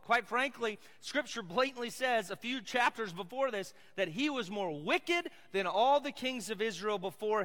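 A man's voice: sits high, sharp tone, big-room sound. A man with a Southern American accent preaching a sermon as pastor, casual and conversational with asides to the audience.

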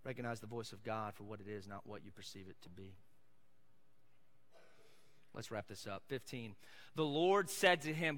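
A man preaching a sermon as pastor, emphatic and swinging between loud passages and hushed ones. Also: medium pitch, a little fast. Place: church sanctuary. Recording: echoey hall.

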